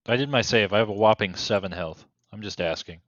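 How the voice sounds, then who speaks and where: A man's voice: fairly low pitch, a little fast, no echo, highs cut off. A man playing a rogue in a tabletop game, checking the rules aloud and muttering while he reads. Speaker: player, rogue. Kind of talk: casual game table chat.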